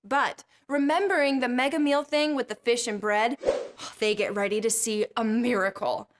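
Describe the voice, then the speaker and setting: A woman's voice: a little high, fairly even intonation, normal speed, noisy background. A woman hosting a kids Bible lesson, chatty and jokey. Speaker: host.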